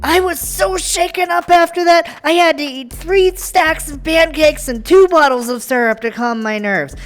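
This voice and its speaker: A woman's voice: sits high, normal speed, faint music behind, lightly acted. A woman voicing a whiny, hot-tempered young woman caller who shrieks and grumbles in a comedy sketch. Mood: whiny, angry.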